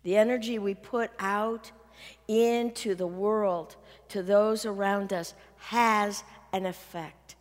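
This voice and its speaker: A woman's voice: medium pitch, fairly even intonation, slow. A woman minister giving a sermon, telling a story with earnest feeling and sometimes dropping almost to a whisper. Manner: earnest storytelling, quotes others, drops to near-whisper at emotional points. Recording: long hall reverb.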